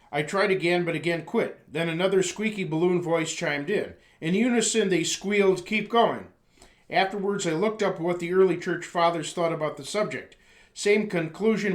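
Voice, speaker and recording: Male narrator, slightly high-pitched, reads an essay earnestly and steadily. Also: fairly bright tone. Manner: earnest, measured, with occasional stumbles and throat clearing. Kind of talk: reading a personal essay aloud.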